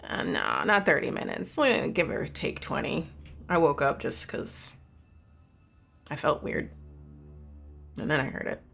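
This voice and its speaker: A man voicing an uneasy young roommate in a tabletop game, talking in hushed, hesitant bits that trail off. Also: on the high side, wildly swooping pitch, a little slow, vocal fry, pauses often, faint music behind, heavily acted. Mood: defensive.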